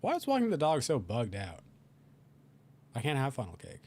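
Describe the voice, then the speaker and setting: Young guy rambling over his sims game, pitch jumping all over, chatty and goofy. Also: moderate pace. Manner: animated, talks to his game characters and voices their reactions. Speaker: gaming video creator. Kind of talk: casual gameplay commentary.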